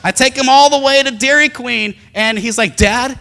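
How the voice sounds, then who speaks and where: A middle-aged male pastor giving an animated sermon, swinging between loud emphasis and soft, intimate talk. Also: extremely high pitch, normal speed, creaky, in a large hall.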